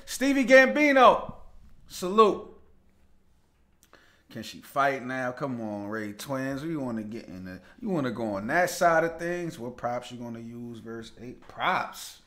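A man's voice: on the high side, lively intonation, unhurried, a bit bright. A young man hosting a casual live show, chatting loosely, greeting viewers by name and laughing easily as he reads their comments. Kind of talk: casual livestream chat reading viewer comments.

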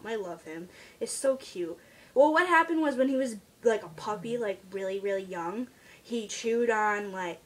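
A teenage girl chatting casually on her vlog about her pet at home, rambling and trailing off into quiet asides. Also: a little high. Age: teens. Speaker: vlogger.

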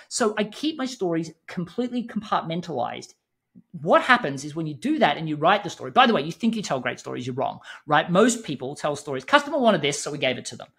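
Animated husky-voiced man coaching on business. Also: a little high. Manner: lively, acts out quoted dialogue in different tones. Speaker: podcast guest, business growth coach. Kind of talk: animated interview explanation.

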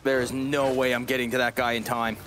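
A man's voice: medium pitch, level tone, a little fast, music in the background. A man streaming a game live, chatting casually with his viewers, joking and swearing now and then. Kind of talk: casual live-stream chat while gaming.

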